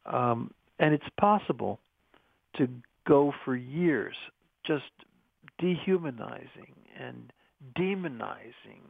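A deeply gravelly, creaky man talks in an earnest, musing way, often pausing and restarting as he thinks. His voice comes through thin and phone-like, with a dry, close sound. He speaks as a guest in a reflective interview. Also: animated, no room sound. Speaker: interview guest, medical school researcher.

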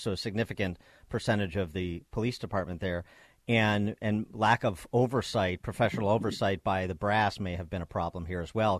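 A man hosting a radio interview, asking long, measured questions with many fillers. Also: fairly low pitch, no echo, clean studio sound. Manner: measured, hesitant, many fillers between phrases. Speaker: radio host.

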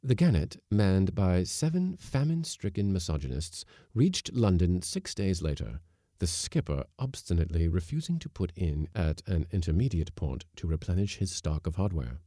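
A man narrating an audiobook story with measured, expressive delivery on a close mic. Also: sits low, no echo.

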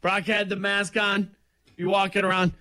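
A man's voice: high-pitched, level tone, moderate pace, sharp tone, clear, resonant tone, no echo. A man co-hosting a morning radio show, joking and rambling in casual banter.

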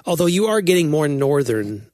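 A man's voice: a little high, sing-song, normal speed, darkish tone, no echo, studio quality. A man co-hosting a podcast in casual banter, telling stories in an easygoing, teasing way. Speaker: podcast co-host.

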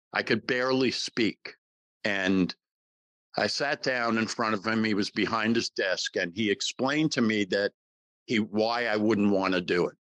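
A man's voice: fairly low pitch, a bit bright, dry recording, poor audio. A man in his sixties, a guest actor in a casual interview, telling a story and acting out the quoted dialogue.

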